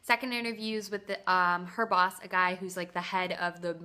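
A young woman vlogging to camera at home, chatty and excitable, with lots of "like" fillers. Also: on the low side, normal speed. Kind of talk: casual talk to camera. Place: at home, indoors.

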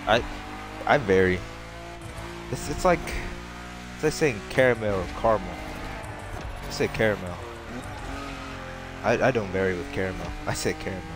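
A young gaming streamer comments casually over his racing game as game music plays behind him, rambling, laughing often, and joking at his own expense. His voice sits low with lively intonation, at normal speed, and he pauses often.

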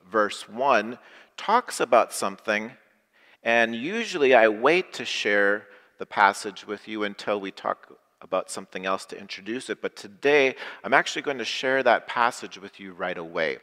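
A male pastor gives a simplified sermon in a fairly low but bright, forceful voice. He speaks in short, plain phrases and leads the congregation in call-and-response lines. Long reverb from a church sanctuary hangs behind his voice. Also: expressive, normal speed. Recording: echoey hall with long reverb.

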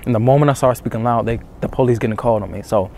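A man speaks low and intensely as a dating coach, repeating his urgings over and over. He is shivering from the cold, out of doors before dawn, and his voice sits at an ordinary pitch. A faint hum of ambience runs underneath. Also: very fast. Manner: hushed, intense, repetitive urging. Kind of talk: motivational talk to camera.

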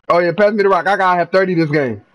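A young man from North Carolina, giving live gameplay commentary full of profane trash talk and bursts of yelling. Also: high voice, poor audio. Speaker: gamer streamer.

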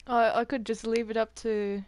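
A woman's voice: on the high side, level tone, normal speed, darkish tone, no room sound. A woman from the American South in casual gaming chat, stammering and laughing often. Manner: stammering, giggly. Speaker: roleplay podcast member.

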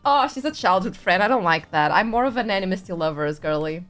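A woman's voice: mid-range voice, animated, brisk, few pauses, a bit bright. A young woman streaming a visual novel, laughing often and reading lines aloud in a playful, casual way. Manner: giggly, frequent laughter, playful. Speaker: VTuber streamer. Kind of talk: casual game commentary, reading dialogue aloud.

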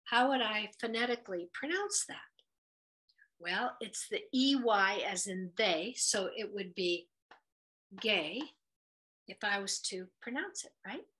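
A woman gives a patient, encouraging letters lesson, sounding out each vowel carefully. Her voice is bright and clear. She speaks at a slow, deliberate pace. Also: medium pitch, animated. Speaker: Hebrew teacher. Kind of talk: children's lesson at a whiteboard.

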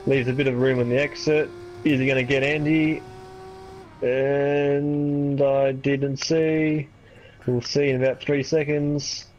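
A man giving relaxed, analytical color commentary on a sim race, with some teasing asides. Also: mid-range voice, slow, dull audio, a little hiss or hum.

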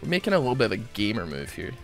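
A young man with a bright, forceful voice, chattering through a game in a loose, joking way. He rambles and teases himself as he plays. Soft music sits quietly behind him. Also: on the low side, huge pitch swings, rapid-fire, creaky. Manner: rambling, jokey, self-mocking. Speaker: gaming streamer. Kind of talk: casual gameplay commentary.

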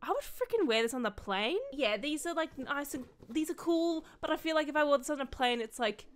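A young woman with a fairly high voice, chatting through an unboxing. She gushes and swears freely, wanders into rambling asides and bursts into excitement over each item. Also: brisk. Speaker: content creator and streamer. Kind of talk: casual unboxing vlog.

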